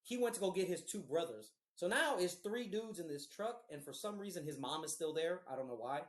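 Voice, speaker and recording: Profane, animated man telling a story. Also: on the high side, fairly quick. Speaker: podcast host. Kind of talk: casual storytelling. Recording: roomy echo.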